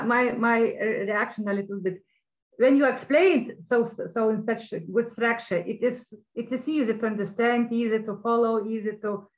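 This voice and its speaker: A woman moderating a question session, speaking haltingly and searching for words. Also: on the high side, highs cut off. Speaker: event moderator. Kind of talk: hosting a Q&A.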